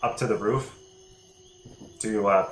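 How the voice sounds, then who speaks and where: Brisk low-voiced player, echoey room. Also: male voice, slight background noise. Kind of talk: casual tabletop game chat.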